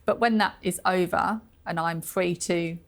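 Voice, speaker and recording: A woman's voice: fairly low pitch, steady tone, measured pace. A woman being interviewed on a TV talk show, speaking in an earnest, emphatic and chatty way. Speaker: interview guest. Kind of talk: conversational TV interview.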